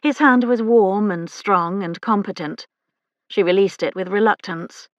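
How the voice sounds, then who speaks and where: A woman reading a historical romance novel aloud as an audiobook narrator, in a measured, even storytelling manner. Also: mid-range voice, no room sound, dull audio. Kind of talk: scripted narration.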